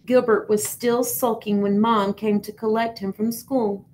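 A woman teacher reading a picture book aloud, expressive but now and then stumbling and repeating words. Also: a little high, a little slow, hardly any pauses, a little hiss or hum, poor audio.

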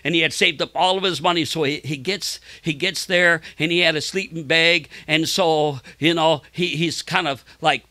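A man with a high, ringing voice preaches with fervour, often repeating himself and restarting mid-phrase. He acts out the people in his stories by raising his voice sharply. The sound is dry and close, with no room echo. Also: fairly even intonation, moderate pace, few pauses. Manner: impassioned preaching with many repeated words and restarts; acts out quoted voices in a much higher, louder tone. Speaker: pastor. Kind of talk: sermon.

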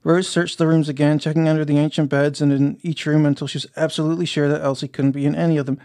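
A man narrating an audiobook in a plain, steady reading style. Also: on the high side, fast.

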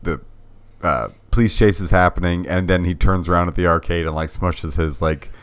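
Male co-host, very low voice, dry close mic, hesitant filler-heavy casual talk. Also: fairly even intonation, clean tone, no echo. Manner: halting, filler-heavy, self-deprecating. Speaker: podcast co-host. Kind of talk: casual chat. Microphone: podcast mic.

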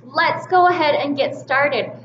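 A woman teaching kindergartners a reading lesson, speaking in a slow, encouraging teacher voice and stretching out the sounds of words. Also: sits high. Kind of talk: slow, clear reading lesson for young children. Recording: slightly dull, roomy home recording with faint noise.

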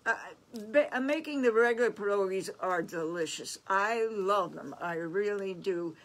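A woman's voice: medium pitch, animated, moderate pace, fairly bright tone. Older lady co-hosting, sweet and gushy, chats about food and flowers. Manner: sweet, gushing. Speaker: co-host. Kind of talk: casual chat on a craft stream.

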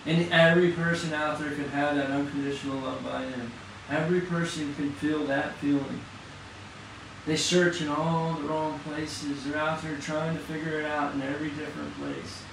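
A man giving an impassioned testimony sermon at church, talking fast and casually with slang. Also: fairly high pitch, flat delivery, gravelly, background noise. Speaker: church class leader. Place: church hall. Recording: very echoey hall, distant mic.

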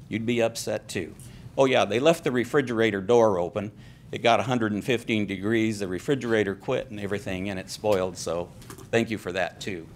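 A man's voice: on the low side, slight background noise. An older man speaking as a public commenter at a city council meeting, aggrieved and emotional. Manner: aggrieved, grows agitated and emotional.

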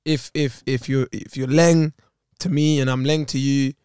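A man's voice: medium pitch, steady tone, a little slow, a little mellow, clear, resonant tone, dry recording, studio quality. A young man guesting on a podcast, chatting casually in street slang with a playful, laughing manner. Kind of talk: casual chat.

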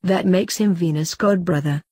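A woman's voice: fairly low pitch, moderate pace, warm tone, slightly rough, no room sound, clean studio sound. A woman reading the lines of a protective mother, firm and earnest.

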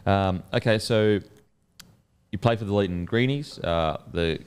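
A man's voice: deep voice, a little slow, darkish tone, clean tone. An Australian man hosting a casual interview show, chiming in with short, encouraging replies and questions. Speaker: podcast host. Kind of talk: casual chat.

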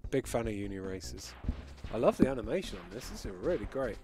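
A man's voice: fairly low pitch, very animated, fairly quick. A man giving live, amused commentary while he plays a retro game and reads chat. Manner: chatty, amused, reacting as he plays. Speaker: game streamer.

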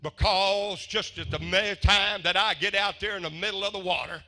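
Wary old male frog in a folk fable, read by a man with a high, bright voice. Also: steady tone, normal speed, exaggerated voice.

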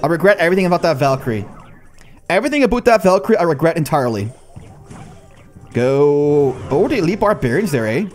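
A man hosting a gaming video, giving live gameplay commentary with excitable shouted reactions and teasing banter at his opponent. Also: a little high, fast talker, long pauses.

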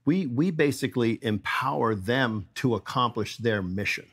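A man who runs a company, talking as a podcast guest in a lively, storytelling way. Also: medium pitch, normal speed, husky. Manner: energetic storyteller, acts out quoted dialogue. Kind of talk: casual interview storytelling.

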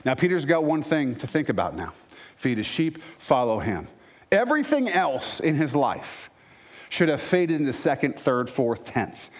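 Male pastor, mid-pitched, preaching; dramatic scripture reading, punches up quotes. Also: very animated, moderate pace. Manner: rises to emphatic, louder lines. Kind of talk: sermon.

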